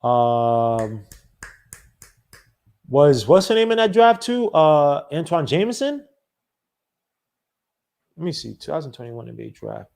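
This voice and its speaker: A man hosting a sports podcast, ranting in a rambling, animated way with many restarts. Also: fairly high pitch, takes it slowly, gravelly, long pauses. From not from the American South. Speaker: podcast host. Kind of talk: casual solo sports talk.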